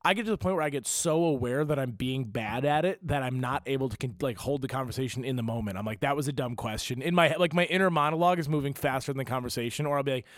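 A man's voice: medium pitch, racing, few pauses, dry recording, studio quality. A young man hosting a podcast, telling stories in a rambling, filler-heavy casual chat. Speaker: podcast host.

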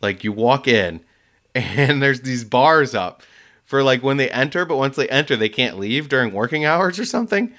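A man tells a story in casual chat, his voice moving from low mutters to sudden high bursts. He laughs often and plays the people in it with quick voices. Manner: animated, laughs often, acts out voices in quotes. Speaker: storyteller, delivery driver.

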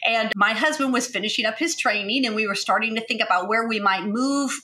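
Middle-aged woman guest, animated storyteller, bright tone, quoted dialogue, quick laughs. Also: on the high side. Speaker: podcast guest, agency founder. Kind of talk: storytelling interview answer.

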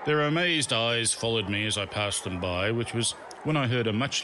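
A man's voice: medium pitch, normal speed, few pauses, noisy background. Wry man narrating a memoir. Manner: wry, dry self-mocking humour. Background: background music.

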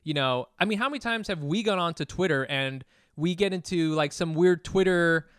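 A Vietnamese-American man in casual podcast chat who talks in restarts, swears and gets louder as he argues. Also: on the high side, normal speed, clean tone, dry recording, clean studio sound. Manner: animated, laughing, swearing, restarts.

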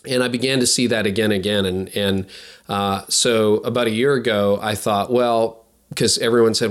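A man's voice: fairly low pitch, steady tone. A man hosting his podcast, chatty and upbeat, talking about his new book in a casual conversation. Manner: upbeat, chatty, quick asides. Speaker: podcast host and author. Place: office studio at a lakeside retreat.

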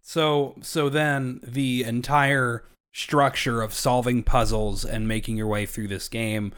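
A man from Kentucky co-hosting a podcast, riffing in animated, swearing casual chat. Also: medium pitch, slow, clean tone. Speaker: podcast co-host.

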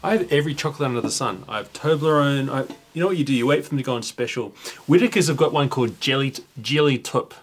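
Aussie guy hosting a satire news show, mock-official announcer voice, sarcastic, mid pitch. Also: expressive, very fast. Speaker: host.

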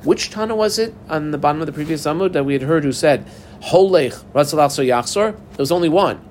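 A man's voice: fairly high pitch, fast talker, a little mellow, a little hiss or hum. A man teaching a Talmud lesson, walking through the text step by step and asking and answering his own questions. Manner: explains step by step, quotes Aramaic and Hebrew terms. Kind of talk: daf yomi Talmud lesson.

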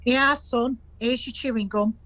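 A chatty Salford gran. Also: female voice, on the high side, fairly even intonation, a bit bright. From Salford, England. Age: older. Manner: storytelling, earthy, quick to laugh. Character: warm chatty Salford grandmother with dementia. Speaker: grandmother.

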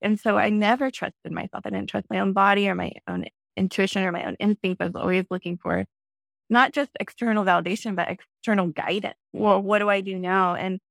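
Woman in her 30s, fry in her voice, chatty storytelling, dry sound. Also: a little fast, no room sound. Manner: animated, acts out her own past lines in a high excited voice. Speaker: podcast guest. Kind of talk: conversational storytelling.

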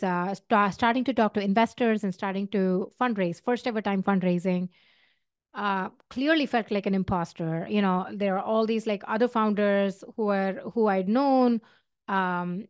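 A woman's voice: mid-range voice, smooth, no echo, clean studio sound. A middle-aged woman with an Indian accent gives career advice in an earnest, conversational way, with fillers and restarts. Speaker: podcast host. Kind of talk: solo advice talk.

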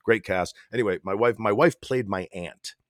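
A man's voice: on the low side, normal speed, no echo, clean studio sound. A man co-hosting a casual podcast with his wife, talking bluntly with plenty of swearing and restarting his sentences as he goes. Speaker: podcast co-host. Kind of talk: casual chat between spouses.

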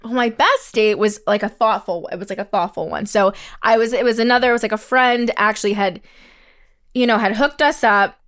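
A woman co-hosts a casual podcast with a bright, high-pitched voice. She tells stories in an animated way, acting out other people's lines, swearing freely and laughing often. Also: brisk. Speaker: podcast co-host. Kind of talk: casual chat, storytelling.

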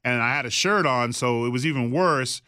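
Forceful, animated male storyteller. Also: medium pitch, fairly quick, clear, resonant tone, dry recording, clean studio sound. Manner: animated, acts out voices in quotes, swears freely. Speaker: guest telling a backstage story. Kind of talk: casual storytelling.

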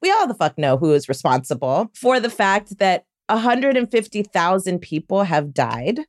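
Woman podcast host, animated pitch, casual and blunt, dry close mic. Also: moderate pace, dry recording. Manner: lively, swears casually. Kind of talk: casual interview.

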